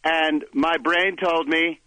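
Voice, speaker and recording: A man's voice: on the high side, fairly even intonation, slow pace, sharp tone, no room sound, poor audio. A man doing a comedy impression of a boastful, pompous older male politician who speaks in short, blunt sentences.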